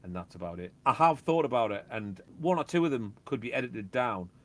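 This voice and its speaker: A man, a DJ and label owner, chatting casually and telling animated stories that act out beats and quotes. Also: medium pitch, fairly quick. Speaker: guest, DJ and record label owner. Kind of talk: casual chat.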